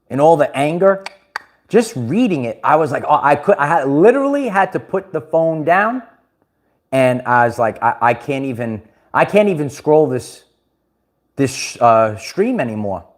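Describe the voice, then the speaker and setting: A man hosting a casual livestream, rambling, restarting words and laughing often. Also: medium pitch. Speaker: livestream host.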